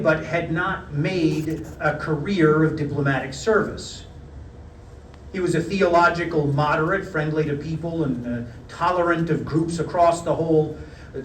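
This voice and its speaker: A middle-aged man reading a prepared lecture in a measured, wry storytelling manner. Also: a little high, slight background noise. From United States. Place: parish hall. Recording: roomy hall, mic at a distance.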